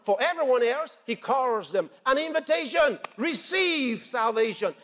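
A man preaching a sermon in an animated way, laughing and raising his voice to shouts. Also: very high-pitched, a little slow. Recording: long hall reverb with faint music.

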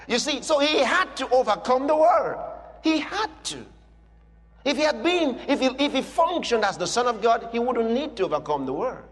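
A man's voice: very high-pitched, sing-song, normal speed, big-room sound. A man preaching a sermon, emphatic and repeating his declarations for effect.

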